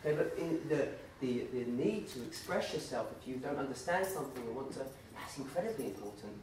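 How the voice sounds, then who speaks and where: A man giving an informal, animated talk full of anecdotes and fillers, in a university lecture room. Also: mid-range voice, fairly quick, a little hiss or hum. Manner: animated, acts out voices in the stories, many fillers. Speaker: guest speaker at a campus talk. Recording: very echoey room, distant mic.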